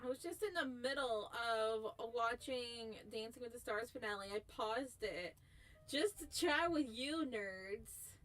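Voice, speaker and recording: A woman's voice: fairly high pitch, animated, unhurried, a bit bright. A woman VTuber streamer chatting casually with her viewers in a giggly, rambling way, often breaking off mid-sentence. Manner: giggly, rambling, self-interrupting. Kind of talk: casual live-stream chat.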